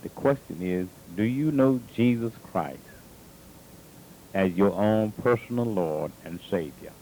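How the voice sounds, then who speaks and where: A man preaching a sermon, putting questions very slowly and deliberately. His voice is low and dark. Faint noise sits behind him. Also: expressive, poor audio.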